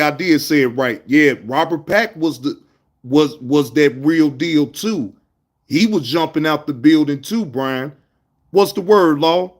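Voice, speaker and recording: Animated livestream host man, higher voice. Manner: animated, scolding chat viewers, laid-back slang. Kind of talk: casual livestream chat.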